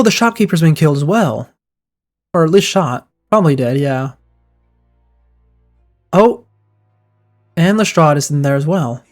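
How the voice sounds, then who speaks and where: A man streaming a video game, with excitable reactions while he comments and reads the dialogue aloud. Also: a little high. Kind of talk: let's-play commentary, reading dialogue aloud.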